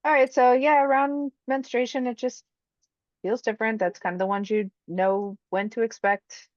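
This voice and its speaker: A woman on a casual podcast, calmly explaining her own experiences. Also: fairly high pitch, normal speed, no room sound, lo-fi sound.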